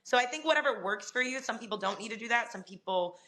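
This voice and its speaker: A young adult woman, a sports reporter, telling animated stories as a podcast guest and laughing often. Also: fairly high pitch, quick pace. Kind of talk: casual podcast conversation.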